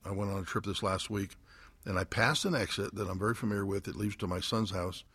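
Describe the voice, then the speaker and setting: Husky middle-aged male pastor reflecting. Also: deep voice, fast talker, fairly bright tone, dry recording. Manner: conversational, personal anecdote, rising emphasis. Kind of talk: reflective panel discussion.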